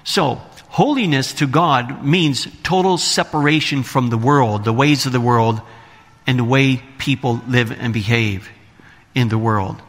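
A man's voice: medium pitch, unhurried. A man preaching a sermon to his congregation, reading scripture aloud and asking the listeners questions. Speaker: pastor. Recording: long hall reverb.

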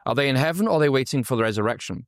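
Pastor type from Yorkshire, relaxed sermon delivery, poses questions to the audience, dry recording. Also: male voice, mid-range voice, very fast, no echo. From Yorkshire, England. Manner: conversational, asks the audience questions.

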